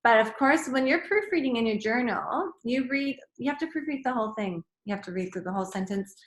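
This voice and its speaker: Her voice a little high and her delivery brisk, a woman teaches grammar to children in an echoey room. She performs the sentences expressively, changing her tone from one to the next.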